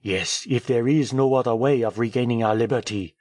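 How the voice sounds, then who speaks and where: A man reading an audiobook, voicing a cheerful, talkative male French journalist who speaks in a brisk, airy, teasing way. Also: medium pitch, darkish tone, dry recording, studio quality, close to an everyday voice. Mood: breezy.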